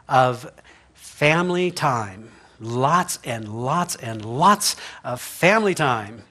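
A man's voice: a little high, fairly bright tone. Chatty man preaching a sermon. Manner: chatty and humorous, laughs often, asks "right?". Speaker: pastor. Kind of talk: conversational sermon. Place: church sanctuary.

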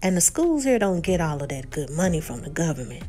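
A woman voicing a calm, reasoning father with an easygoing manner. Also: deep voice, a little fast, faint music behind.

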